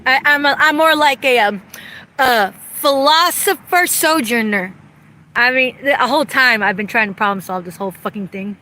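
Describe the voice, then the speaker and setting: A woman livestreams an angry, profanity-laced rant into her phone while standing out in the cold. The vlogger's voice is a little high, bright and forceful, at normal speed.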